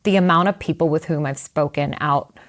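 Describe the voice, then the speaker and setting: A woman guest telling personal stories in an animated, conversational way, often acting out the voices of people she quotes. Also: low voice, brisk. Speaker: guest writer. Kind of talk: conversational storytelling.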